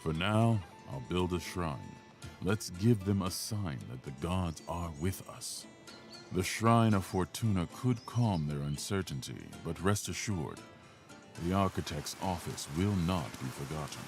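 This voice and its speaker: A composed Roman governor, with a very deep voice and a calm, decisive delivery. Game music plays clearly behind him. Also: male voice, unhurried. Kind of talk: video game voice acting.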